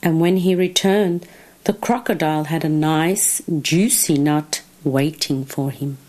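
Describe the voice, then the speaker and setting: Slow, expressive woman storyteller. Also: sits low. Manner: slow, expressive, drawn-out phrasing. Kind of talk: children's story reading.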